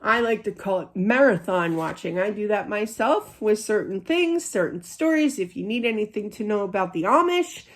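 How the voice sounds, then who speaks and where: A woman's voice: medium pitch, expressive, normal speed, hardly any pauses. Woman, middle-aged, psychic reader, casual chat, rambling, many fillers. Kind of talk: casual spiritual reading with anecdotes.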